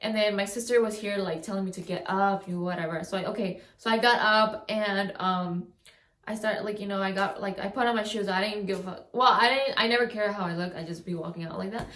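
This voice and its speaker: In a casual storytime vlog, a young woman with a medium-pitched, slightly bright voice rambles through a long personal story to the camera, talking fairly quickly. She says "like" constantly and often restarts sentences, and the room echoes noticeably.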